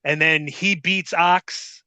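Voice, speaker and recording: A middle-aged man telling a story as a guest in a casual chat, profane and rambling, with animated retellings. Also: a little high, takes it slowly, smooth, no echo.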